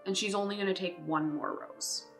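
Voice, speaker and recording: A woman's voice: medium pitch, fairly even intonation, a little fast, soft background music. A woman player in a tabletop game, matter-of-fact and inquisitive.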